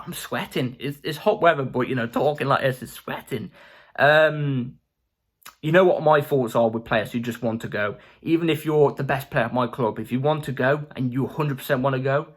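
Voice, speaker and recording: A man talking in a casual, chatty fan vlog as the channel host, excitable and full of fillers. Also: medium pitch.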